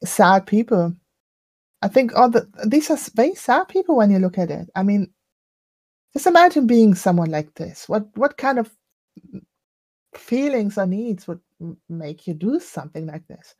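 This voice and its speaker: A woman's voice: medium pitch, very animated, moderate pace, no room sound. Reflective woman podcast co-host, dry sound. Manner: reflective, gently laughing. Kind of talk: casual chat.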